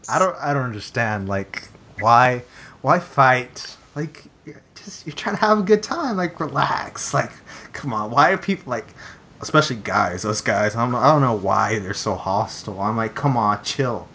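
A man's voice: medium pitch, expressive, moderate pace, bright, forceful tone. A young man in casual chat, rambling with many fillers and repeated phrases.

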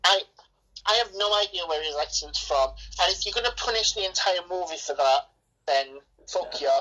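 A woman's voice: fairly low pitch, animated, normal speed, pushed and bright, rough recording. An Englishwoman chatting bluntly and enthusiastically about a film, swearing freely. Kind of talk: casual film review chat.

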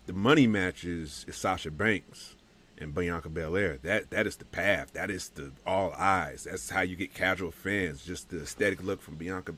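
A man in casual chat about wrestling, excitable and emphatic, breaking into loud bursts. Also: sits low, normal speed.

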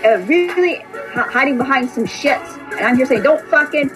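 Blunt, swearing woman with a high voice. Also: expressive, normal speed, over music, poor audio. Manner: blunt, repetitive, profane, emphatic. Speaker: tarot reader and podcast host. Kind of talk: casual spoken monologue.

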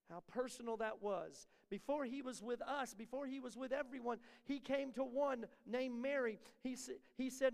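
A man preaching a sermon in a church, building repeated refrains and then dropping to soft, close asides. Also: very high voice, normal speed, creaky, few pauses. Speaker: pastor. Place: church sanctuary. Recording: long hall reverb.

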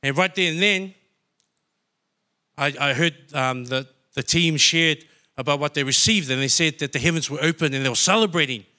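A man from New Zealand with a bright, forceful, somewhat higher voice tells his story in church. He speaks in a heartfelt, emotional way, as a personal testimony. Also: normal speed. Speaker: church member sharing testimony.

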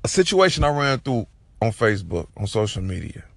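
A man's voice: fairly low pitch, big pitch swings, fairly quick, vocal fry, a bit bright, dry recording. A man hosting a solo podcast, talking in a casual, slangy, profane and rambling way. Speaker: podcast host.

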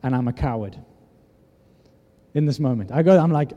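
A man in his thirties preaches to a congregation, slipping into voices as he tells his story. His tone is very dark and mellow, sitting slightly high for a man, and long reverb from the hall trails behind every phrase. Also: brisk. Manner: animated storytelling, acts out dialogue. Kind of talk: sermon.

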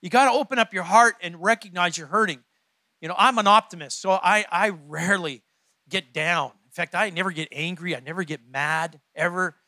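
A man's voice: sits high, a little fast, bright, forceful tone, no echo. A male pastor preaching a conversational sermon to his church, often repeating his words as he goes. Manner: conversational, repeats words, laughs between points.

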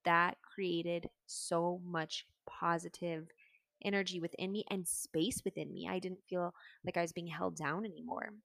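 Earnest young woman with a gravelly voice. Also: fairly low pitch, steady tone, unhurried, a bit bright, no room sound. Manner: candid, earnest, with fillers like "like" and "um". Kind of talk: personal story, casual talk.

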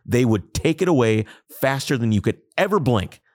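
A medium-pitched man speaks at a normal pace, co-hosting a podcast with animated, emphatic, ranting opinions in a casual chat. The recording is clean studio sound without room noise.

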